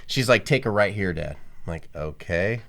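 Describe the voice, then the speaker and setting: A middle-aged man with a low-pitched voice co-hosts a podcast, speaking at a moderate pace. He tells stories in a casual chat, animatedly acting out the voices of the people he quotes.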